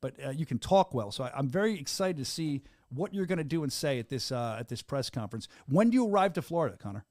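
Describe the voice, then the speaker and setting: Rapid-talking excitable male podcast host. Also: medium pitch, no echo, clean studio sound. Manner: fast, excitable and upbeat, with frequent restarts. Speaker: podcast host interviewing a fighter. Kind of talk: casual interview chat. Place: studio booth.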